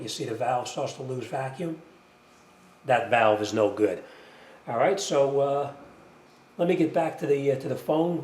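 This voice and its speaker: A man's voice: medium pitch, a little mellow. A middle-aged man, an auto mechanic, giving a plainspoken, chatty how-to demonstration in his repair shop. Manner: plainspoken, chatty, uses fillers. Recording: noisy shop background.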